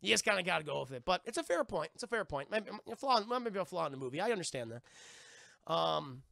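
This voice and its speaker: A young man casually retelling a movie to his stream chat, animated and profane, acting out the characters' lines. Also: high voice, fairly quick, gravelly, no room sound. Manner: animated, profane, acts out lines in put-on voices.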